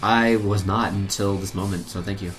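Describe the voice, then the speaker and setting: A man's voice: fairly low pitch, steady tone, moderate pace, faint music behind. A man co-hosting a casual comedy chat and reacting to his friend's stories. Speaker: podcast co-host.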